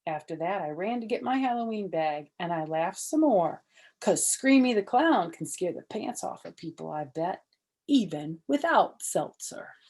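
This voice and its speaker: Older grandma reading a kids' chapter book, low-ish husky voice, goes soft and hushed sometimes. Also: female voice, a little slow. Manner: animated, soft and hushed in quiet parts. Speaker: storyteller reading a children's book. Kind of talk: expressive children's book read-aloud.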